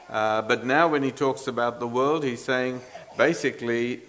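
A man preaching an expository sermon in a voice of ordinary middle pitch. He talks earnestly and with emphasis, stumbling now and then with fillers and restarts. He turns to the congregation with rhetorical questions. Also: moderate pace, fairly bright tone.

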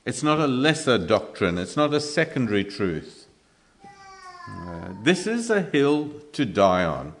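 A man preaching a sermon in an earnest way, often stumbling and restarting with filler sounds. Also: medium pitch.

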